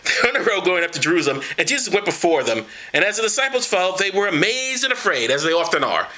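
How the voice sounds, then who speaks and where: Guy riffing on bible verses, swears a lot, super bright sharp voice, pitch jumps everywhere. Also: fast talker. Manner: profane, animated, mocking voices for quotes; gesturing while reading, knocks things over. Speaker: comedic Bible reader. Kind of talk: irreverent comedic commentary.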